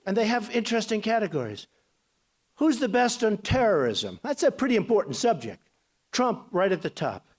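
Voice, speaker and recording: A man's voice: high voice, sing-song, moderate pace. Boastful rambling man giving a campaign speech. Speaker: political candidate.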